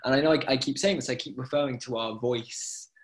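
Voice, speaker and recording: On a video call, a male chant teacher leads an online class at a fairly quick pace and medium pitch. He's keen and chatty, often breaking into short sung chant examples.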